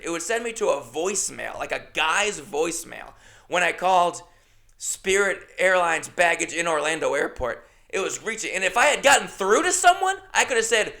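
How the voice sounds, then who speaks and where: A man telling a story as a comedy podcast host, profane and exasperated, swinging from low mutters to shouting. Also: sing-song, moderate pace, creaky. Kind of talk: ranting storytelling monologue.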